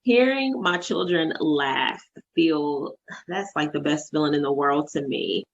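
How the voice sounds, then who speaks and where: A woman's voice: deep voice, a little slow. A woman in her thirties hosting a casual podcast chat as a life coach, telling stories in an effusive way with many fillers. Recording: dull lo-fi remote audio.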